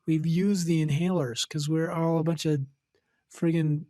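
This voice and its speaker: A man's voice: on the high side, little pitch movement, measured pace, mellow, no room sound, studio quality. Middle-aged man in teasing podcast banter. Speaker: podcast co-host. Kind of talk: casual chat.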